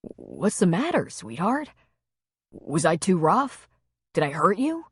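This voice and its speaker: A woman narrator voicing a gentle man in love, lowering and hushing her voice for him. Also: wildly swooping pitch, slow, breathy edge, no echo, clean studio sound, exaggerated voice. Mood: concerned.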